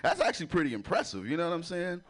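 A man's voice: a little high, very animated, rapid-fire. A man doing a crude stand-up comedy set, laughing at his own jokes and talking in a loose, chatty way. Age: adult with a son. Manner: loose, chatty, keeps asking "you know".

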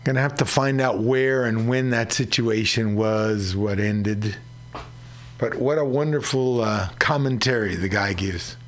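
A man hosting a community radio show, talking slowly and conversationally about labor news. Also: on the low side. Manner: slow, unhurried, conversational. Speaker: radio host.

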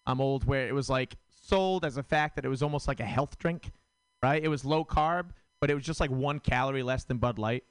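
Male stand-up comic, rambling and self-mocking, smooth clear voice, dry close sound. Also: medium pitch, fairly quick, no echo. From Rhode Island. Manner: rambling, filler-heavy, self-deprecating. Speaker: stand-up comedian. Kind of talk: stand-up set. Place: comedy club stage.

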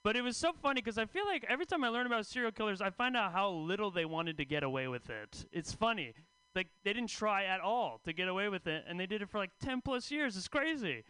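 Male stand-up comic, conversational, crisp and bright tone. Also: high-pitched, expressive, fast, dry recording, poor audio. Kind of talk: stand-up comedy set. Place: comedy club stage.

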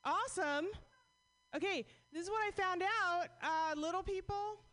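A woman's voice: extremely high pitch, moderate pace, a bit bright, dry recording. A woman hosting a comedy night and telling a closing joke in an upbeat, chatty way. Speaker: comedy show host. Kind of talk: stand-up emcee. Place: comedy club stage.

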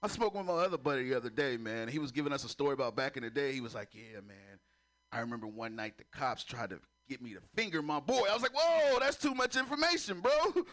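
A man's voice: mid-range voice, fast. A man doing a crude stand-up routine on a comedy club stage, laughing at his own jokes as he tells stories. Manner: crude, laughing, animated storytelling.

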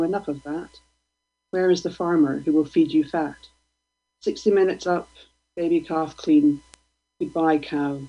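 A woman, a guest poet, reading her poems aloud in a slow, deliberate, provocative way. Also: low-pitched, fairly even intonation, husky. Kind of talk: poetry reading. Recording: dull lo-fi radio stream.

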